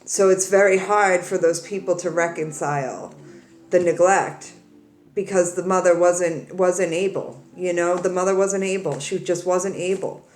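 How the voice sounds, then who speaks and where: A woman's voice: lowish voice, steady tone, unhurried, a little mellow, echoey room, a little hiss or hum. A woman tarot reader talking earnestly to her viewers, crying as she comforts them, with many repeats and restarts. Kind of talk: emotional direct-to-camera talk.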